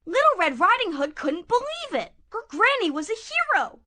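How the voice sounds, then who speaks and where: A woman narrating a puppet show fairy tale in a playful, expressive way. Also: very high voice, normal speed.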